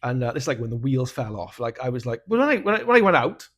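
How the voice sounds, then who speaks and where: A Welsh man co-hosting a podcast, telling a personal story in a frank, casual way, swearing freely and laughing at his own dark humour. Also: mid-range voice, big pitch swings, quick pace. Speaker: podcast co-host.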